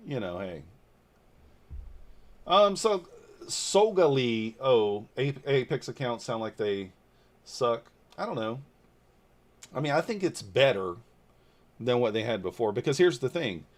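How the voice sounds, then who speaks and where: A man in his forties from Northeast Georgia, talking loosely and bluntly on a livestream while answering viewers' comments aloud. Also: medium pitch. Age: 40s. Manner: blunt and loose, with mild swearing. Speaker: trading livestreamer. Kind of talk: casual livestream chat.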